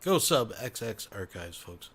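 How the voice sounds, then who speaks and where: A man's voice: lowish voice, sing-song, unhurried, vocal fry, fairly bright tone, slightly rough. Profane, mocking commentary man. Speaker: commentary host. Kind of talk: sarcastic commentary.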